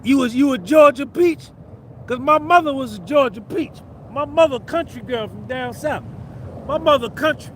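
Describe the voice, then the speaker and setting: Jersey-accented male streamer, very high pitch, loose profane banter with chat, faint street noise. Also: expressive, moderate pace, fairly bright tone. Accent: New Jersey. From New Jersey. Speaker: livestream host. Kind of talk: casual livestream chat with viewers.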